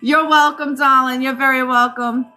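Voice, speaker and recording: Bright-voiced Rhode Island woman, chatty. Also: sits high, steady tone, moderate pace. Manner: chatty, calls viewers darling, many ums. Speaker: psychic reader and livestream host. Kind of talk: live-stream chat and card reading.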